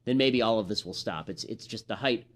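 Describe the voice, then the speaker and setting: Fast, combative man delivering political commentary. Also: fairly low pitch. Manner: rapid, combative and sarcastic, with frequent restarts.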